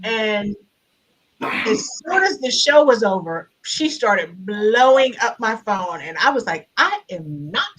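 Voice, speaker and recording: A middle-aged woman guest speaker telling a personal story over a video call, animated and laughing as she gets louder. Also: a little high, slow, slight background noise, rough recording. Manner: animated, grows loud and laughing in retelling. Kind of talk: storytelling in a conversation.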